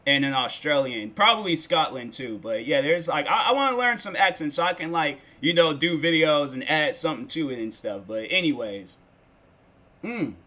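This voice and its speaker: A man's voice: a little high, expressive, moderate pace, sharp tone. A man in his twenties chatting casually with viewers on a livestream, rambling and loose, with lots of filler words. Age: 20s. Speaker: streamer.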